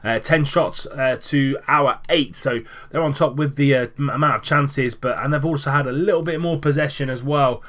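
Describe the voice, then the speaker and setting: A man narrates match highlights from a football management game in an easygoing commentary style. His voice sits at an ordinary middle pitch, and he often stops for fillers and restarts before picking up with excitement. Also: normal speed. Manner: casual, lively with frequent fillers and restarts. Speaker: gaming commentator.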